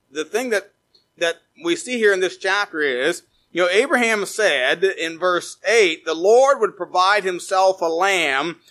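A preaching male pastor reads scripture aloud, shifting back and forth between quiet, low drops and emphatic rises.

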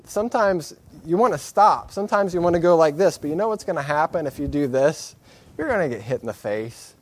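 With a fairly high, animated voice that moves a little fast, this preacher delivers an earnest, candid sermon. He repeats phrases for emphasis and slips in jokes at his own expense.

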